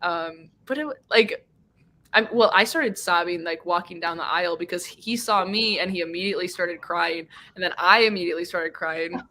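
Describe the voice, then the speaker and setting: A young woman with a fairly low, pushed and bright voice speaks at a moderate pace as a streamer hosting a reading sprint. Chatting casually with friends, she tells rambling, giggly stories packed with fillers and laughter.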